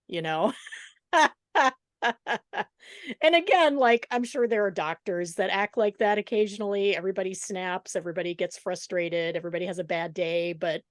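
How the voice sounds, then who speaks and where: A woman hosting a podcast interview, sympathetic and quick to laugh. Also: medium pitch, no room sound, studio quality. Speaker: podcast host. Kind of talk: interview conversation.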